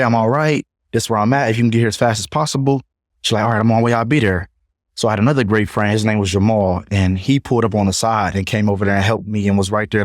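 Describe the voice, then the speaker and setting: A young man, a podcast guest, telling his own story in a casual, animated way and acting out what others said. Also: lowish voice, no echo, clean studio sound. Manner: animated retelling, acts out others' voices.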